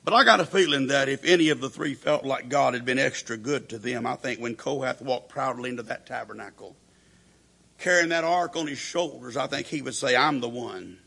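Gravelly, bright-toned preacher. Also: male voice, medium pitch, a little fast. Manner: storytelling preacher who acts out quoted voices. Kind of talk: sermon.

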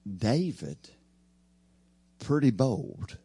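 A man preaching an evening sermon, his voice swinging from loud emphasis to hushed asides. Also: mid-range voice, a little slow, no echo.

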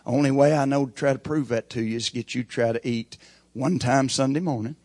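A middle-aged preacher giving a sermon with folksy, emphatic storytelling. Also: male voice, medium pitch, brisk, a little mellow, no room sound.

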